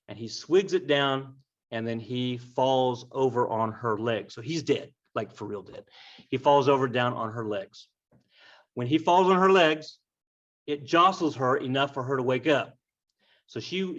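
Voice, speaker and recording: A man's voice: medium pitch, measured pace. A man casually retelling a classic tragedy with wry, offhand asides. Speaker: storyteller. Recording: dull lo-fi recording.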